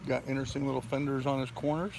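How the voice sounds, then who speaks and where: Here the sailing vlogger, an older man, talks quickly and flatly in a mid-range voice with vocal fry, with background noise in the mix. He's on a casual live stream from his boat in a bay, telling stories that ramble.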